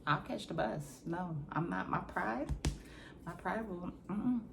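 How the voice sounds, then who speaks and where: A woman vlogger telling a story in a casual, slangy, animated way, acting out scenes with sound effects. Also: fairly low pitch, measured pace, vocal fry, background noise.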